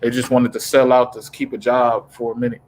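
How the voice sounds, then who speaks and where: A man's voice: mid-range voice, level tone, brisk, darkish tone, slight background noise. A man hosting a casual sports talk stream over an online call, laid-back and slangy. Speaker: stream host. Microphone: home mic on an online call.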